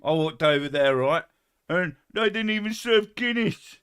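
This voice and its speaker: A man's voice: a little high, animated, unhurried, fairly bright tone, smooth, pitched above the performer's own voice. A man putting on a brash male American tourist, though still sounding like a Londoner, indignant and sweary.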